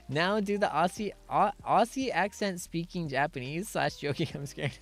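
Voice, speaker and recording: A man's voice: on the high side, moderate pace, hardly any pauses. A man hosting a casual chat stream, reading viewer messages in a playful, giggly way and mixing English and Japanese with cat-like "nyan" sign-offs. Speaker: streamer host.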